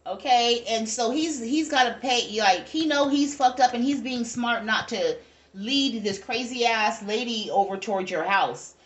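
A fairly high-voiced woman, giving a casual tarot reading to her viewers. She talks bluntly and rambles, swearing freely as she goes. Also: measured pace. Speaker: tarot reader.

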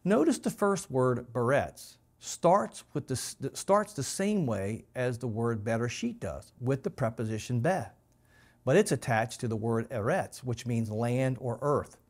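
A male pastor giving a measured, explanatory Bible teaching and stressing key words. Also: mid-range voice, expressive.

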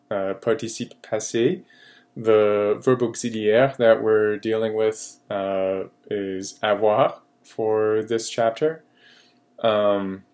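A man teaching a recorded French lesson, slow and patient with many fillers, repeating each French phrase. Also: fairly low pitch, darkish tone.

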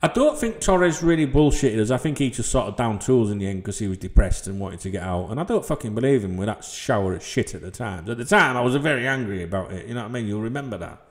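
A man's voice: mid-range voice, animated, fast talker, hardly any pauses. Man, middle-aged, sweary, blunt football rant into a desk mic. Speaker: football channel vlogger. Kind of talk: ranting vlog to subscribers. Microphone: desk microphone.

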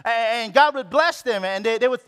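A man's voice: extremely high pitch, fairly quick, a bit bright, smooth, big-room sound. A man preaching a sermon, candid and self-deprecating, often repeating phrases for emphasis. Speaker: pastor.

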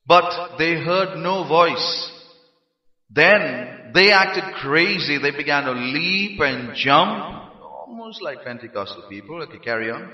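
A man's voice: a little high, expressive, slow pace. Emphatic Indian man preaching in a hall. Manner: emphatic, rises to shouts on key phrases. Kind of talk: sermon. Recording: roomy hall, dull lo-fi sound.

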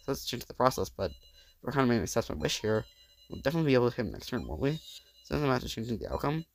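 Gravelly man reading game lines. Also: mid-range voice, big pitch swings, very fast, a little hiss or hum. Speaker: let's play host. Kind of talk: reading game dialogue aloud and reacting.

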